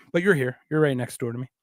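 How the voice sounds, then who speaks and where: A man hosting a podcast, telling a funny story in a lively, joking, sometimes profane way. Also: mid-range voice, moderate pace, vocal fry, dry recording, studio quality. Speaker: podcast host. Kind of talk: casual storytelling chat.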